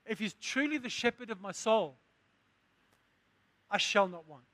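A man's voice: high voice, animated, unhurried, fairly bright tone, no echo. A man preaching a sermon, asking the congregation questions and building to emphatic lines. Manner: call-and-response preaching, rising to emphatic.

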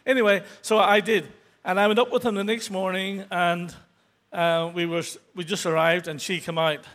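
Man, 60s, testimony at church, earnest and stumbling, higher voice. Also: little pitch movement, a bit bright. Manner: halting, many restarts and fillers; earnest, grows emotional toward the end. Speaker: church member giving testimony. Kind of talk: unscripted testimony.

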